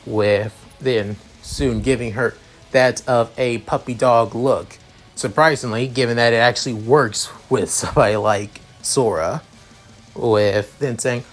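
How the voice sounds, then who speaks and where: A man narrating a fan story off the cuff, halting and restarting as he goes, in a voice that sits mid-range. Soft music plays under him. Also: medium pitch, fairly even intonation. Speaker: story reader.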